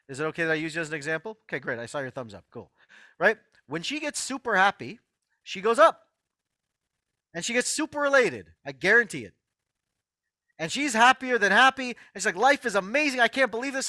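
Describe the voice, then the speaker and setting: In a close, dry recording without echo, a bright, high-voiced man hosting an online healing workshop gives an emphatic motivational talk on health. He speaks directly to his audience, repeating his main points while his pitch rises and falls widely.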